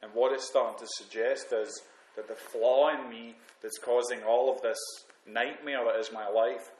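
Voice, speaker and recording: A man's voice: medium pitch, fairly even intonation, normal speed, darkish tone. A man reflecting candidly and with self-mockery on his own drinking and selfishness, often restarting his sentences. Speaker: recovering alcoholic sharing on the program. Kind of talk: reading aloud then personal reflection. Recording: roomy echo, faint background noise.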